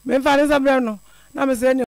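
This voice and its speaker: A man's voice: very high voice, fairly even intonation, fairly quick, creaky, smooth, no echo. A middle-aged man calling in to a radio show, telling a personal story in an earnest, repetitive way. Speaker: caller.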